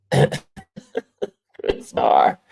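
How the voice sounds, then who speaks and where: A man hosting a casual livestream, chatting loosely and reading viewer comments aloud with frequent laughter. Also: very slow. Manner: animated, laughs often, reads chat aloud. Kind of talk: casual live chat.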